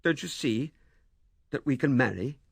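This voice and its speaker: A man's voice: medium pitch, lively intonation, measured pace, gravelly, husky, no echo, clean studio sound, pitched above the performer's own voice, heavily acted. A man reading a novel aloud and voicing an earnest young man who presses his case with insistent urgency. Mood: urgent. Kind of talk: audiobook character voice.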